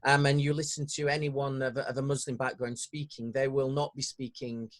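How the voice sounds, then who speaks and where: A man with a northern English accent hosting an interview podcast, talking in a hesitant way with many pauses and restarts. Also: medium pitch, flat delivery. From northern England. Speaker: podcast host. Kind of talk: conversational interview.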